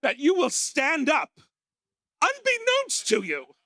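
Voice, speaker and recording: Camp, bright-voiced man doing stand-up. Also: wildly swooping pitch, takes it slowly, no echo, studio quality. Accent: American. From United States. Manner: camp, theatrical, swooping into shrill character voices. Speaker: comedy host. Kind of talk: stand-up comedy. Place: small pub venue with live audience.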